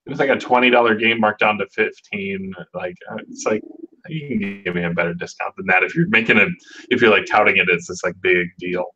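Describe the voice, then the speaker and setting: A man hosting a casual online hangout, rambling and halting with lots of fillers. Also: on the low side, pushed and bright. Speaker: host. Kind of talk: casual chat. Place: online video call. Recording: dull lo-fi audio.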